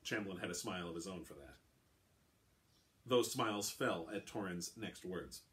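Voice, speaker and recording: A man's voice: deep voice, animated, normal speed, a bit bright. A man reading his own novel aloud, narrating plainly between voiced dialogue. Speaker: author.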